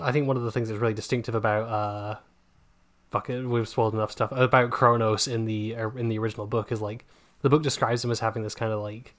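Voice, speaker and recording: A man co-hosting a podcast, talking in loose, casual chat. His voice sits at a middling pitch, and he laughs often. He rambles through restarts and swears without a second thought. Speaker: podcast co-host.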